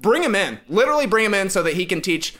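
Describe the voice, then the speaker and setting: A man with a high voice argues quickly about basketball on a sports panel. He's animated and emphatic, rising to shouts in the excited debate.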